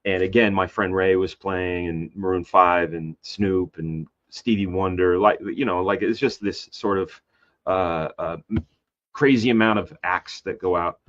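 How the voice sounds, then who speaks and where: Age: adult. Sex: man. Style: lively storytelling. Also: unhurried. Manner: animated, acts out quoted voices with big pitch jumps; loose and rambling with many fillers and restarts. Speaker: guest; comic book artist. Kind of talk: casual storytelling in a conversation. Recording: slightly dull lo-fi sound.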